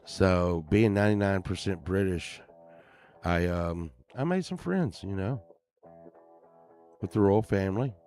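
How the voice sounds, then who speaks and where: A man's voice: low voice, expressive, a little slow, pauses often, a little mellow, faint music behind. A man streaming, telling casual, rambling, profane stories full of fillers and restarts.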